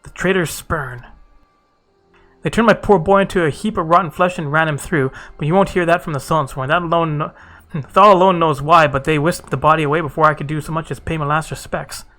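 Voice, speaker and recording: A man voicing a grieving, suspicious old mother who nags with drawn-out taunts. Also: on the high side, a bit bright, natural voice. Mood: ominous.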